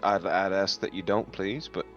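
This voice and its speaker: A man's voice: low voice, steady tone, moderate pace, muffled recording, soft background music. A man in a tabletop game, talking politely and hesitantly with many fillers. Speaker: player. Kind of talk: in-character tabletop role-play.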